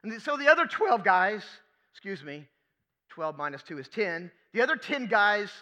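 A man's voice: high-pitched, big pitch swings, moderate pace, pushed and bright. A man preaching a sermon as pastor, emphatic, asking rhetorical questions and repeating key phrases.

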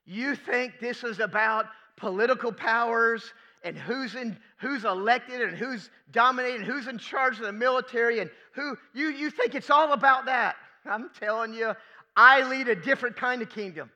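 A man's voice: extremely high pitch, normal speed, sharp tone, in a large hall, muffled recording, heavily acted. A man preaching, voicing an earnest male teacher who insistently corrects his followers, repeating himself.

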